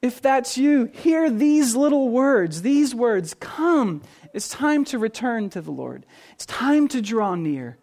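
A pastor preaching a sermon in an earnest, animated way, moving between soft, low passages and emphatic, lifted ones. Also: male voice.

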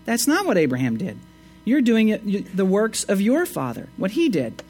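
A man preaching a sermon, reading scripture and explaining it with emphatic rises and quiet asides. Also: normal speed, husky. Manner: expressive, swings between emphatic rises and low asides. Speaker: pastor.

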